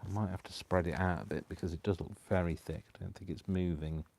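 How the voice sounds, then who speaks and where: A man with a deep, low voice chats casually through a live crafting session. He rambles and talks to himself as he works. He apologizes often and keeps the talk loose and unscripted. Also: fairly even intonation, quick pace, gravelly, a little mellow. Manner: rambling, self-talking, apologetic. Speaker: craft channel host.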